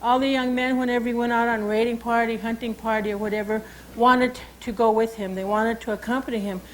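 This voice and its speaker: A woman's voice: on the high side, steady tone, brisk, a little hiss or hum, rough recording. A woman with a Salish accent, telling a traditional story and teaching animal names in a loose, informal way, often saying "you know" and "okay.". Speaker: cultural educator.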